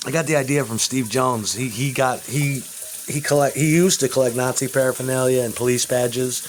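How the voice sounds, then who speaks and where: A man in a rambling, crude monologue vlog, swinging between loud outbursts and low mutters, recorded at home. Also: steady tone, moderate pace, slight background noise, low-quality recording.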